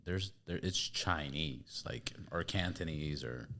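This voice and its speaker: Male host with a deep voice; asks short, curious follow-ups. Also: slow pace, sharp tone. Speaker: podcast host. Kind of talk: interview questions.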